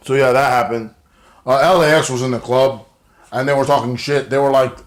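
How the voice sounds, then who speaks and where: Casual male wrestling reviewer, mid-pitched, loose and rambling, swears freely. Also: steady tone, brisk. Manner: rambling, many fillers, swearing. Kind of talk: casual recap vlog.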